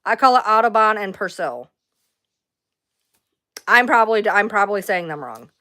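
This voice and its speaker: A woman's voice: mid-range voice, expressive, moderate pace, pushed and bright. A woman hosting a casual livestream, rambling loosely, answering chat comments and swearing now and then. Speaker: livestream host.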